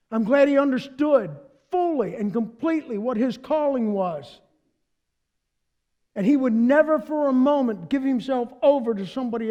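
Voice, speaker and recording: A man preaching a sermon as pastor, animated and playful, talking directly to the congregation. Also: very high voice, lo-fi sound.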